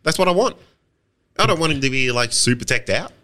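Blunt, offhand man with a bright tone. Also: mid-range voice, lively intonation, brisk. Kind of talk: casual chat reviewing a trailer.

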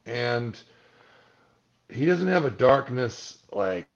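A man's voice: medium pitch, slow, highs cut off. A man guest on an interview, casually telling stories and acting out the voices of people he quotes. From Malibu, California. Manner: animated storyteller, acts out quoted voices.

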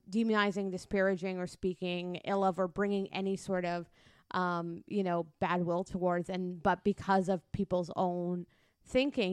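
A woman's voice: lowish voice, darkish tone, smooth, no echo. A woman co-hosting a podcast in casual chat, rambling with lots of fillers and restarts. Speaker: podcast co-host.

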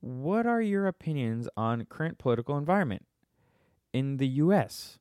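A young podcast host answers listener questions in a casual chat, irreverent and joking, laughing at his own answers. His mid-range voice is very animated, a little mellow and smooth, at a moderate pace. The dry recording comes from a close mic.

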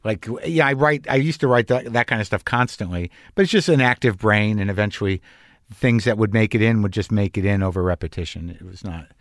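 A middle-aged man in casual conversation, blunt and swearing freely, with halting restarts. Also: fairly low pitch, no room sound, clean studio sound. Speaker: comedian and podcast host.

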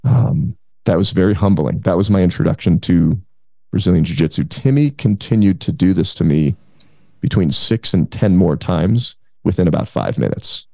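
Male guest in his thirties, deep and gravelly, animated casual storyteller, dry close recording. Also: moderate pace, no room sound. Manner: animated, acts out quoted voices. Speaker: podcast guest, entrepreneur.

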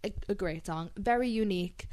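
A woman co-hosting a podcast in casual chat, chatty and excitable, quick to laugh, with casual swearing. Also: medium pitch. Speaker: podcast co-host.

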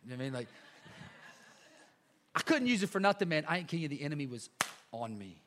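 A male pastor preaching a casual, energetic sermon to a church congregation, full of slang, repeats and asides. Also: on the high side, fast talker, background noise. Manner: lively, chatty preaching with slang and repetitions. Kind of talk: sermon with a live illustration.

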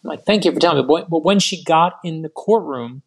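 Man, middle-aged, gravelly, slightly high voice, animated storytelling, guest author. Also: fairly quick. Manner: animated, rambling anecdotes full of "like". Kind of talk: casual interview storytelling.

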